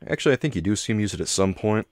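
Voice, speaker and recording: A man's voice: fairly low pitch, expressive, rapid-fire, a little mellow. A man from the United States giving casual, joking commentary as he plays through an old adventure game. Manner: chatty, joking with viewers. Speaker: let's play host.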